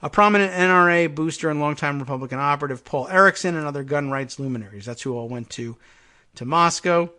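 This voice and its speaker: A man's voice: on the high side, fast, pushed and bright. A man hosting a political talk show, reading news articles aloud with sardonic asides and many fillers. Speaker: political talk radio host.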